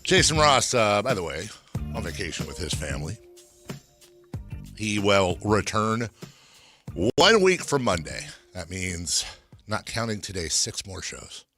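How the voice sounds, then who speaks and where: Lively, bright-voiced American radio host. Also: male voice, fairly low pitch, a little slow, long pauses, soft background music. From United States. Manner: animated, rambling asides. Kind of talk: casual sports talk radio. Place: radio studio.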